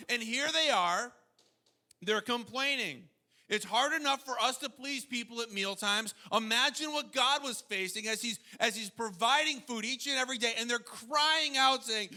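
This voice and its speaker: High, bright-voiced male preacher. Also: normal speed. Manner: animated preaching with mocking quoted voices. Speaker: pastor. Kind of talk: sermon.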